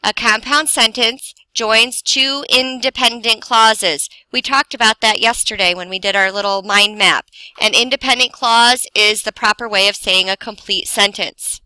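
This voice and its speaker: A woman teaching a grammar lesson, explaining slowly and deliberately with pauses for emphasis. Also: fairly high pitch, steady tone, sharp tone, no echo, rough recording. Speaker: English teacher.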